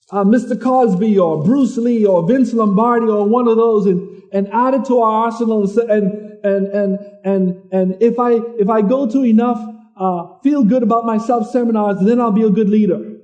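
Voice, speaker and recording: A man preaching a sermon in a conversational way, who repeats words and reads scripture slowly. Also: very high-pitched, a little mellow, muffled recording.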